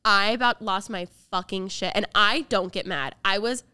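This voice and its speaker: Animated young woman telling a story. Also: mid-range voice, moderate pace, clean tone, dry recording. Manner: animated storytelling, acts out quotes. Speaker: podcast co-host. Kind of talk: casual chat.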